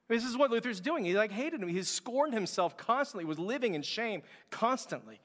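A man's voice: sits high, expressive, fast talker, fairly bright tone. A man preaching a sermon as pastor, telling a story with passion and acting out quoted lines. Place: church sanctuary. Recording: long hall reverb.

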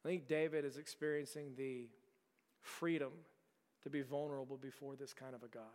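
A man's voice: mid-range voice, fairly even intonation, fairly quick, darkish tone, in a large hall. A man preaching a sermon as a pastor, telling a story earnestly with frequent repeated words and restarts.

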